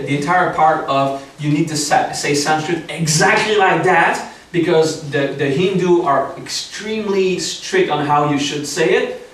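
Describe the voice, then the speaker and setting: A man's voice: a little high, a bit bright. A man teaching a seminar, explaining patiently with frequent check-ins to his audience and light joking asides. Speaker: spiritual teacher. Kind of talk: seminar lecture. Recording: very echoey room, distant mic, faint hiss.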